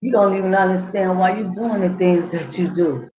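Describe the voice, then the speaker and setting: A woman's voice: lowish voice, moderate pace, echoey room, highs cut off, a little hiss or hum. A woman giving a motivational self-help talk. She repeats herself often and speaks straight to the listener. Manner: repetitive, preachy, emphatic, speaks straight to the listener. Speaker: channel host, inspirational speaker.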